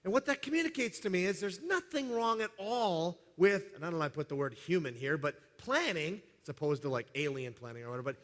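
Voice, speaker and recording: A man's voice: high voice, animated, quick pace, few pauses, fairly bright tone, in a large hall. A middle-aged man preaching a sermon as a pastor, conversational and joking, with frequent asides. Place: church sanctuary.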